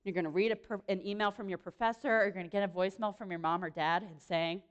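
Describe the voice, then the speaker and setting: A young woman speaking to a room, giving a lively, chatty sermon full of quick self-deprecating asides. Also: mid-range voice, highs cut off. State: pregnant. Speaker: speaker at a church or campus gathering. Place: room with an audience.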